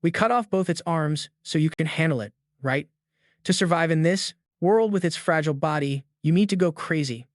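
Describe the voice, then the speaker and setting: A man voicing a twenty-six-year-old male death row inmate who lectures flatly and without emotion. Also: on the high side, normal speed, no room sound, studio quality, lightly acted. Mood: cold, calm.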